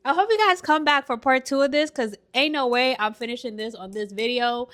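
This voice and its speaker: A young woman talks straight to her viewers at home, giving relationship advice while she works on a puzzle. Her voice sits a little high, and she speaks in a chatty, emphatic way with slangy turns of phrase. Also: brisk, a bit bright. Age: young adult. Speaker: vlogger. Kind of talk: casual advice chat while doing a puzzle.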